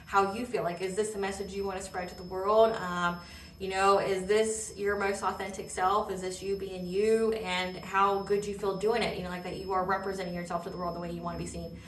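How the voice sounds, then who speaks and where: A woman's voice: mid-range voice, little pitch movement, fairly quick, slight background noise. A woman giving a casual spiritual tarot reading, rambling with many fillers and checking in with "okay?". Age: adult. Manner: laughs while telling stories. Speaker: tarot reader. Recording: roomy echo, distant mic.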